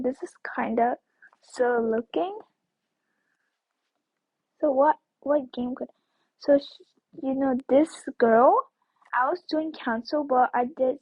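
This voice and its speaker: A woman's voice: high-pitched, slightly rough, no echo. A woman giving casual gameplay commentary as a video creator, rambling and repeating words, with sudden squeals and whispers. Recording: dull lo-fi recording.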